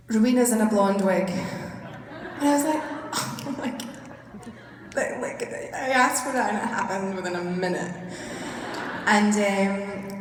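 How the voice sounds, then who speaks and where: A woman's voice: medium pitch, far from the mic. Chatty Scottish woman in an echoey hall. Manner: chatty, rambling, laughs often. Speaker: actor as panel guest. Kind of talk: convention panel storytelling. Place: large convention hall. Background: hall ambience and noise.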